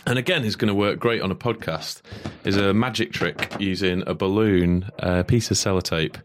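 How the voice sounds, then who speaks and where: A man's voice: low voice, moderate pace, slight background noise. A man co-hosting a podcast, chatting casually and joking about a science demonstration. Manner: joking, lively, easygoing. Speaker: podcast co-host.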